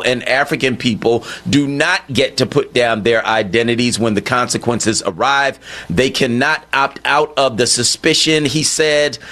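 Radio talk host, male, bright voice, animated and incredulous. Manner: animated, incredulous, rising to high emphatic pitch.

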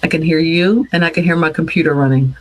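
A woman's voice: sits low, fairly even intonation, fast talker, rough recording. Upbeat woman host on headphones. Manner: upbeat, playful, addresses the audience. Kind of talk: casual chat. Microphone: headphones, desk setup on a video call.

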